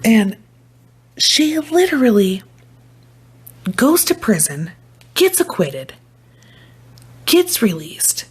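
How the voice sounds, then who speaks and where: A young woman from Idaho talking casually into her phone, rambling and swearing with excitable energy. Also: on the high side, slow pace, long pauses, slightly rough. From Idaho, USA. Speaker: vlogger. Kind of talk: casual commentary to camera.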